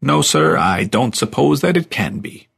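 Brief: a man playing a polite, earnest host from the future, husky and gravelly. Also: medium pitch, big pitch swings, unhurried, fairly bright tone, voice pushed up, full character voice.

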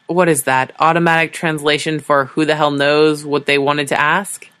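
A woman's voice: deep voice, flat delivery, normal speed, fairly bright tone, dry recording. A woman voicing a weary, exasperated diplomat who speaks in a dry, sardonic way.

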